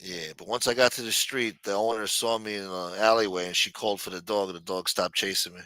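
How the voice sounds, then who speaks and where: A man's voice: fairly low pitch, steady tone, brisk, bright, forceful tone, no echo. A man hosting a livestream, telling stories in a rambling, profane, casual way. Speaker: livestream host.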